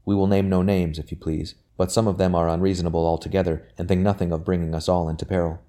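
A man doing a fretful young gentleman. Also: low voice, little pitch movement, fast, close to an everyday voice. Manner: fretful, complaining.

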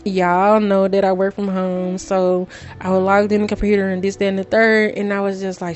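A woman's voice: mid-range voice, little pitch movement, moderate pace. A woman podcast host, talking straight to her listeners in an emotional, preachy way. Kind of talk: casual monologue.

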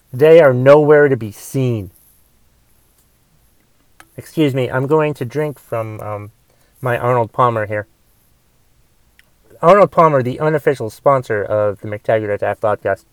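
A man hosting a podcast, ranting with heavy swearing, going from mumbled asides to loud angry outbursts. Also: mid-range voice, no echo. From United States. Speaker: podcast host. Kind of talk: casual rant podcast.

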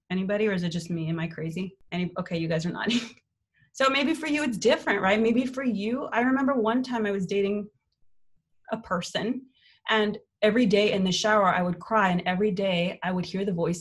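A woman's voice: mid-range voice, fairly quick. A young adult woman hosting a live online motivational workshop, upbeat and candid, swearing casually as she coaches. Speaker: workshop host and life coach.

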